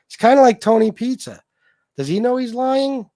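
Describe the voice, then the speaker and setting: Heated male livestream host, high voice, swearing rant, dry mic. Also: animated, normal speed, warm tone, no room sound. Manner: profane, heated, repetitive. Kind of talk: ranting livestream commentary.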